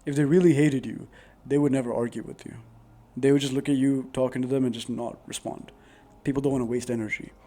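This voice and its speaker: A man's voice: medium pitch, fairly even intonation, quick pace, dark tone. A man giving earnest, rambling relationship advice straight to camera, full of "like" fillers. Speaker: advice vlogger. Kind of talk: casual advice monologue to camera. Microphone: new dedicated microphone.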